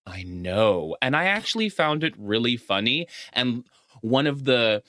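A man co-hosting a podcast, chatting casually about a film in a halting way, often restarting his sentences. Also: medium pitch, very animated, bright, forceful tone, no echo, studio quality. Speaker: podcast co-host. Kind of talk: casual movie chat.

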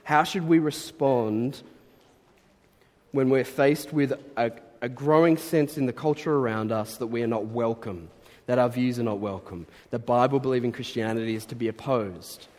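Earnest preacher in a reverberant hall. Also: male voice, mid-range voice, normal speed, a little mellow. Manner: earnest, conversational preaching with rising emphatic bursts. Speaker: pastor. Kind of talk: sermon.

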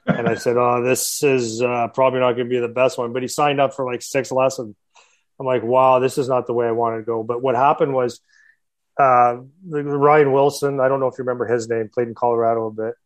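A hockey skills coach with an ordinary-pitched male voice tells a long story in casual conversation, circling back, restarting sentences, and tossing in laughing asides. His delivery is flat and fairly quick, and the audio quality is poor.

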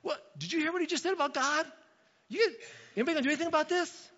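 A man voicing an eager, fired-up young shepherd boy who asks quick, excited questions. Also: very high-pitched, long reverb tail, lo-fi sound, voice pushed up. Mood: indignant.

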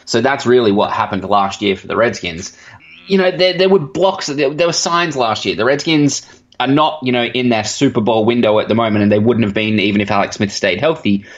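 A man with an Australian accent, answering interview questions as a guest analyst in a measured way with many ums. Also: mid-range voice. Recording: dull remote line.

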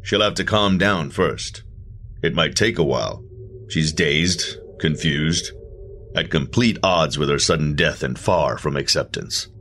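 A man playing a calm, persuasive male agent of the underworld in a black suit, quietly gloating in a horror audio drama. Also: extremely low pitch, unhurried, slight background noise, heavily acted.

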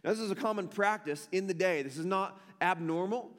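A male pastor with a high voice preaches a sermon, retelling a story and hammering points home by repeating them. His voice carries a long reverb from the hall around him. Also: a little fast. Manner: emphatic storytelling, repeats phrases for emphasis.

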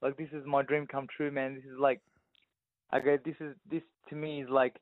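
Flat and moderately paced, the medium-pitched voice belongs to an Australian boxer in his thirties recounting stories in a casual interview. "You know what I mean" is a frequent refrain. The dry, tinny, phone-like audio has no room sound.

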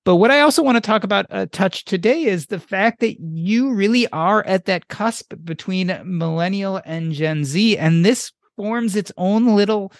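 A man's voice: high voice, normal speed, few pauses, no echo, studio quality. A man hosting a podcast interview, asking questions with enthusiastic, emphatic repetition. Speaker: podcast host.

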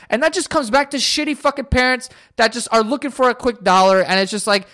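A man's voice: very high voice, fast talker, hardly any pauses, bright, forceful tone. A young man hosting a solo podcast, ranting in an exasperated, profane way. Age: young adult. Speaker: podcast host.

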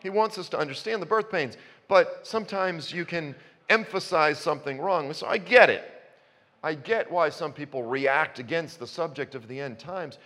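Male preacher, sermon, conversational, passionate emphasis, slightly high-pitched, church hall reverb. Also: a bit bright.

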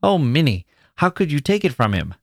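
A man's voice: on the high side, lively intonation, brisk, fairly bright tone, no room sound, studio quality, voice pushed up. A man doing a shocked scolding mother.

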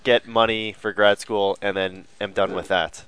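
Smooth low-voiced man, deadpan. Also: measured pace, no echo. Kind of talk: casual chat.

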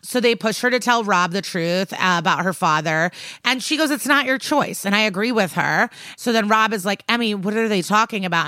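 Bright, chatty woman podcast host. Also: on the low side, no room sound. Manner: animated retelling, quoting characters with "like". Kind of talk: casual recap of a TV episode.

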